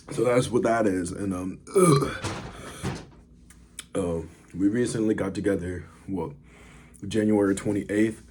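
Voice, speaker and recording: A man's voice: deep voice, slow, long pauses, slight background noise. Laid-back man rambling through a food vlog. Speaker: vlogger. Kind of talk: casual story time and food review.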